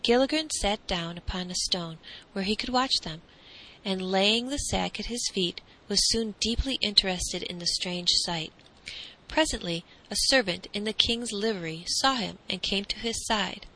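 A woman narrating a classic storybook in a calm, measured reading. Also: medium pitch, low-quality recording.

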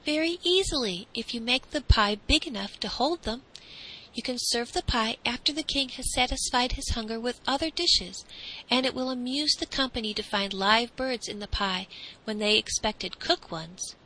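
A woman's voice: a little high, normal speed, pushed and bright, pitched above the performer's own voice, low-quality recording. A woman voicing an earnest, determined young boy in a storybook reading. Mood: insistent. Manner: bold, pleading.

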